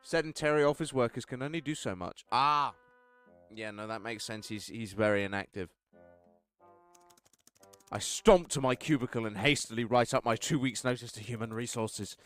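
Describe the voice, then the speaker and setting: Smooth-voiced man reading a text game. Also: mid-range voice, moderate pace, a bit bright, faint music behind. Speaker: game streamer.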